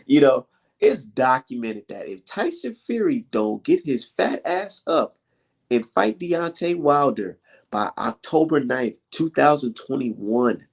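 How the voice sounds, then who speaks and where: A man's voice: medium pitch, big pitch swings, measured pace, creaky, slightly rough. A man rants about boxing in a loose, casual commentary. He is heated and profane and keeps throwing out rhetorical questions, with short laughs between his points.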